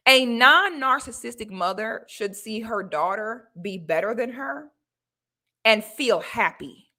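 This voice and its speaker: Woman vlogger, bright tone, blunt and preachy, talks straight to the audience. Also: fairly high pitch, lively intonation, a little slow. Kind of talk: casual advice talk to viewers.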